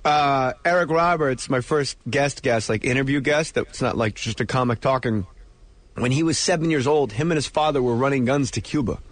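A comedian guest in a radio studio, chatting casually and telling animated stories, quoting people in voices. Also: male voice, medium pitch, moderate pace.

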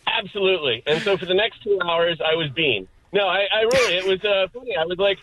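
Caller guy telling a story, kinda high, dry muffled phone line. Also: fast talker, a bit bright, no room sound. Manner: storytelling, many fillers. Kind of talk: telling a story on a call-in show.

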